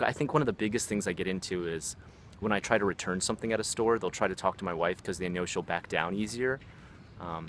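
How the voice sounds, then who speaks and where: A man's voice: fairly low pitch, a bit bright, slight background noise. Slangy, swearing man telling stories outdoors. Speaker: vlogger. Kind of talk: casual storytelling.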